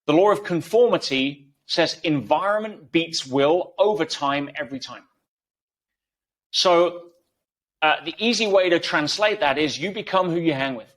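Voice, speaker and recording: A man's voice: on the high side, lively intonation, a little slow, fairly bright tone. Emphatic man explaining by analogy. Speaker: interview guest. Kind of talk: conversational interview.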